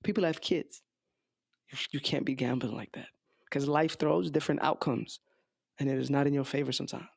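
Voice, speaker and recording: Gravelly blunt male commentator. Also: mid-range voice, steady tone, fairly quick, no echo, studio quality. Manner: blunt, scolding, slangy. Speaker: commentary host reacting to clips. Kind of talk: reaction commentary.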